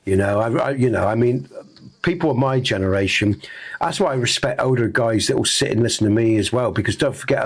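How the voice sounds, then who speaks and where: A man's voice: mid-range voice, fairly quick, breathy edge. A middle-aged man hosting a game stream, talking earnestly in a rambling, reflective way with lots of fillers and restarts. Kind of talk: reflective casual chat on stream.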